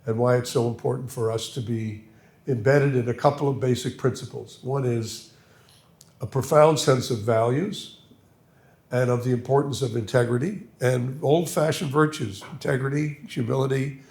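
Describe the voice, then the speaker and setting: An older Canadian man gives a public lecture as a guest lecturer, reflective and full of anecdotes, often poking fun at himself. His voice is medium in pitch, creaky, and somewhat dark. The recording carries the echo of a lecture hall.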